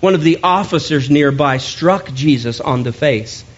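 Male pastor, slightly high voice, conversational sermon with quick jokes, dull lo-fi recording. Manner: conversational and joking, with quick asides.

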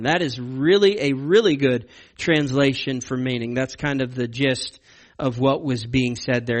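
A man giving a conversational Bible teaching, earnest and emphatic, slowing down on key words for stress. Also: medium pitch.

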